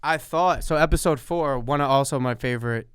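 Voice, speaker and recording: A man co-hosting a podcast in a relaxed chat, often agreeing with his co-host. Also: medium pitch, a little fast, smooth, no room sound, studio quality. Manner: agreeable, often says yeah, laid-back. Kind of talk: casual chat.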